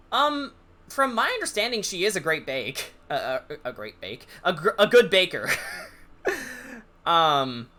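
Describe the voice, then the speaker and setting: A man's voice: a little high, pushed and bright. A man chatting casually on a live stream, rambling and hesitant with many fillers. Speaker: livestreaming artist.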